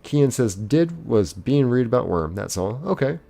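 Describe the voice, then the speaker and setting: A man's voice: medium pitch, sing-song, moderate pace, gravelly, dark tone. A man streaming live, casually reading viewers' chat messages aloud in a chipper lilt and chatting back.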